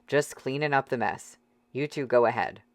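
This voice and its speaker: A man voicing a calm, cold outlaw who speaks low and quiet, in an audiobook reading. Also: moderate pace, no echo, lightly acted.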